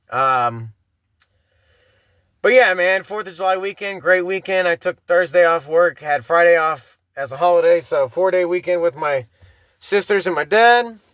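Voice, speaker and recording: Rambling man, bright and dry. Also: on the high side, no room sound. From Florida. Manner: rambling, many fillers and restarts, swears freely. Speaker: podcast host. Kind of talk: casual solo podcast chat.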